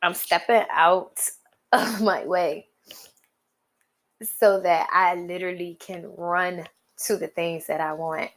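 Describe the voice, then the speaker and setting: A woman hosting her own podcast, giving motivational talk with drawn-out, emphatic pauses and colloquial phrasing. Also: fairly low pitch, fairly even intonation. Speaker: podcast host.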